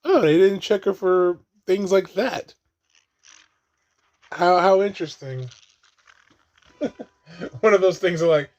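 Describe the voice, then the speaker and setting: A man's voice: high voice, takes it slowly, pauses often, no echo, muffled recording. A man giving casual watch-along commentary on a movie, laughing often and swearing freely as he riffs jokes.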